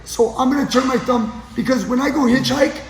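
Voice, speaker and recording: This man talks fairly quickly in a very high voice. He is coaching grappling on the mats at a training gym, walking through a technique and often checking in with his partner, and the gym's echo leaves a long reverb.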